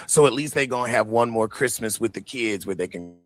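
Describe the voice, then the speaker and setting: Reacting to an interview on his show, a Bronx, New York host mocks casually and doesn't hold back on swearing. He talks fairly quickly in a mid-range voice.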